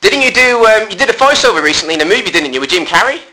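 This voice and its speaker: A man's voice: high-pitched, big pitch swings, rapid-fire, bright, forceful tone, low-quality recording. A man hosting a radio interview, asking questions in an upbeat, breezy way. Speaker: radio host.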